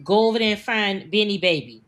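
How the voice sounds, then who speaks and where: A woman's voice: mid-range voice, expressive, brisk. A woman co-hosting a podcast, blunt and profane, scolding listeners in casual political commentary. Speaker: podcast co-host.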